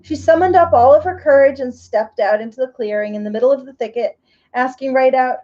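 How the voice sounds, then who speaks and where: A woman reading a children's story aloud, gently and slowly with expressive phrasing. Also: high voice, highs cut off.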